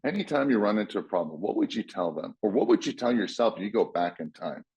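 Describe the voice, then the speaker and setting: A man's voice: fairly low pitch, animated, fast, gravelly, a little mellow, slightly rough. A man giving blunt, casual motivational advice, swearing freely and acting out what people say. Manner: blunt, swears freely, acts out quoted voices.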